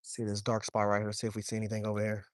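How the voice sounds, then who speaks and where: A young man, talking to his chat while wading and fishing, swearing freely and getting excited over a fish. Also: on the low side, very fast, no echo, clean studio sound. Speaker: fishing vlogger. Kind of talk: casual vlog narration while wading. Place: outdoors, wading in a shallow creek.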